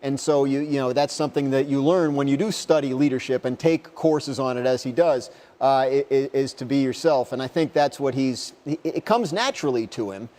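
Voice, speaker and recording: A man's voice: medium pitch, fairly quick, hardly any pauses, mellow. A man, a sports reporter, answering interview questions in a rambling, conversational way, full of restarts and retold quotes.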